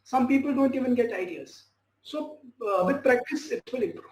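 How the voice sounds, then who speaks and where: Over a noisy crowd, a male tutor with a very high, lively voice speaks at normal speed, teaching an online speaking class and reassuring a student. He keeps checking in with "fine" and "okay." The video-call audio comes from an echoey room with faint noise.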